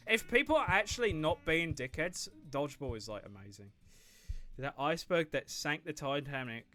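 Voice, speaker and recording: A man's voice: fairly high pitch, very animated, moderate pace, sharp tone, soft background music. A man chatting casually and swearing freely while livestreaming a video game. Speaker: streamer. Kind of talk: casual gaming livestream chat.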